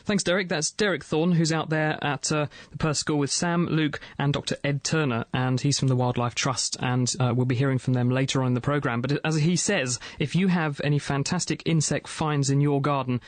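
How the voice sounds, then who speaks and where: Brisk, chatty English male radio host. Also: fairly high pitch, steady tone, dry recording. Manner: brisk, chatty, reads listener emails. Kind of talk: live radio science show.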